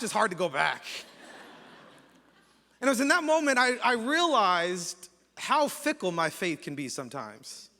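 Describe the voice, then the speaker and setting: A man's voice: very high-pitched, bright, forceful tone, long reverb tail. A man with an American accent, a campus pastor leading a prayer and then telling a joking story in a sermon, with many restarts. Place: large church hall.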